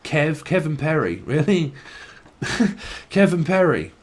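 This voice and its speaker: A man's voice: a little high, sing-song, slow, slightly rough. A man giving a casual channelled tarot reading, rambling and free-associating, laughing often and swearing casually. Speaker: tarot reader.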